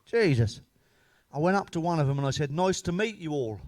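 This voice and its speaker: A middle-aged British man telling crude, sweary one-liner jokes in a deadpan stand-up monologue. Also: fairly high pitch, brisk, no echo. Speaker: stand-up comedian.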